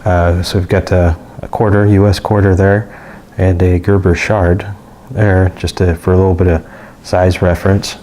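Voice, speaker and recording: A man's voice: deep voice, level tone, moderate pace, dark tone. A man giving a casual, rambling product review with many fillers and restarts. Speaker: gear reviewer.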